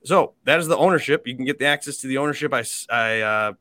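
Rambly podcast host guy, bright tone, talks through his thinking casually. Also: mid-range voice, fast talker, no room sound. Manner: chatty and rambling, lots of fillers. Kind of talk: casual chat.

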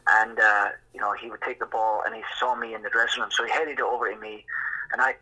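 A man in his sixties, a musician telling a lively story and acting out voices in the quotes. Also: on the low side, fast, slightly rough, low-quality recording. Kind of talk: anecdotal storytelling.

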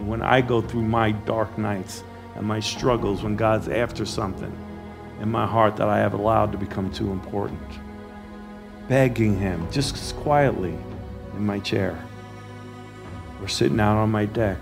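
A man's voice: lowish voice, moderate pace, gravelly, music in the background. A man preaching a sermon in an earnest, pleading and emotional way.

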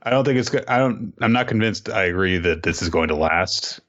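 A man's voice: lowish voice, brisk, highs cut off. A man co-hosting a podcast, casually recapping manga chapters and acting out lines as he goes. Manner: animated retelling, acting out quoted lines. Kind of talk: casual chat.

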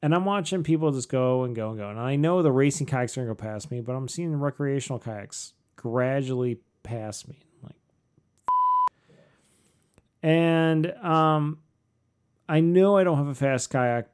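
A middle-aged man, co-host of a podcast, telling a story casually, animated and self-mocking, with frequent swearing. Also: medium pitch, moderate pace, smooth.

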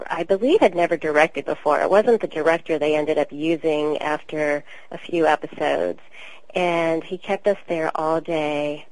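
A woman voice actor from Queens with a New York accent, telling stories in a chatty, relaxed interview. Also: fairly low pitch, no echo, poor audio. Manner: chatty, storytelling, relaxed with many fillers. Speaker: voice actor guest. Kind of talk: casual interview talk.

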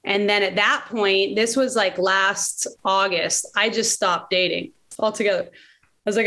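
A woman in her late thirties telling a personal story in candid conversation, animated and laughing often. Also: mid-range voice, measured pace. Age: late 30s. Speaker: podcast guest.

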